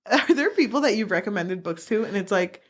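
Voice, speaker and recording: A woman's voice: mid-range voice, lively intonation, fairly quick. A woman co-hosting a book podcast in casual chat, emotional and laughing, swearing casually. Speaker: podcast co-host.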